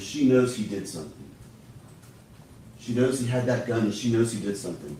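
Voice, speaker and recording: A male prosecutor delivers a courtroom closing argument, addressing the jury directly in an emphatic, persuasive way. His lowish, dark voice is animated, at normal speed with long pauses, and slight background noise comes through. The recording of the large courtroom is echoey and from far off.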